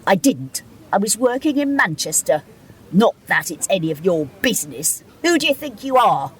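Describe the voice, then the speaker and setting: A woman's voice: mid-range voice, sing-song, normal speed, close to an everyday voice. A woman playing a confused, foul-mouthed elderly care home resident who snaps and hurls insults. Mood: hostile. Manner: abusive, snapping, indignant.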